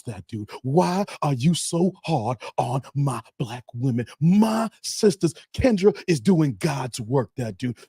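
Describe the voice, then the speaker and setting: A middle-aged man puts on a preachy male activist doctor who lectures and scolds, repeating himself for emphasis. The voice sits fairly high for a man. The sound is dry and close. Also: dark tone, breathy edge, no room sound.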